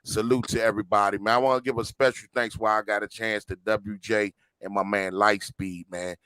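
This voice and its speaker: A man co-hosting a podcast, teasing his friends in mock anger and then giving heartfelt shout-outs. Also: fairly low pitch, flat delivery, a little fast, clean tone, dry recording. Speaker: podcast co-host. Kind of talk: casual podcast sign-off.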